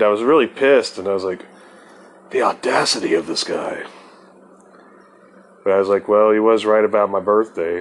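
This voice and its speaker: A man's voice: low voice, creaky, low-quality recording. A man hosting his own podcast, telling a personal story in a profane, laid-back way and laughing often. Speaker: podcast host. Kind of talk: casual storytelling.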